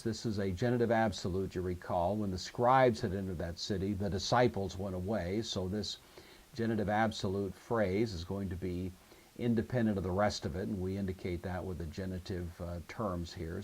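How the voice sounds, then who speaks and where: A man teaching a grammar lesson, working through exercises methodically and explaining each form step by step. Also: low-pitched. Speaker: Greek teacher.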